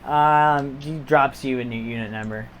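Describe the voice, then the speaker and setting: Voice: mid-range voice, a little slow, slight background noise. A game master narrating a tabletop game in a casual, hesitant way.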